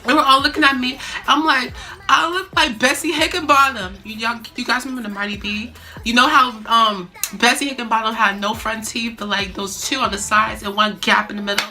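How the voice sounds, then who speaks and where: A young adult woman vlogger telling a story in a chatty, animated way, full of fillers. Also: on the high side, brisk, soft background music. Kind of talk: casual storytime.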